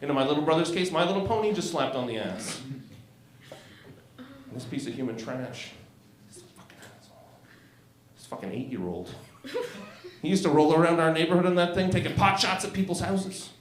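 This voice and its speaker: A man's voice: on the high side, big pitch swings, fairly quick, pauses often, slight background noise. A man in his forties from Canada doing a crude, self-mocking stand-up set on a club stage, often laughing at his own jokes. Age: 40s. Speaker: stand-up comedian. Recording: roomy club echo.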